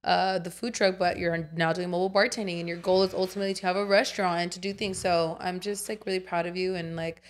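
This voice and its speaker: A young woman co-hosting a podcast, chatting casually with quick exclamations and casual swearing. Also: fairly low pitch, flat delivery. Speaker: podcast co-host. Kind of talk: casual chat.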